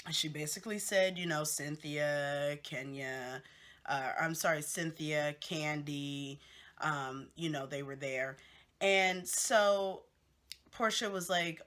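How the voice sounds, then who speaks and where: A woman's voice: lowish voice, a little slow, a bit bright. A woman hosting a casual gossip recap of a reality show, chatty and candid with lots of fillers and asides.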